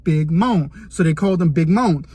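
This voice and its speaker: High-voiced animated male storyteller. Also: normal speed, husky, no room sound. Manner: animated, vivid, dramatic retelling. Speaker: storyteller, former inmate. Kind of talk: casual storytelling to camera.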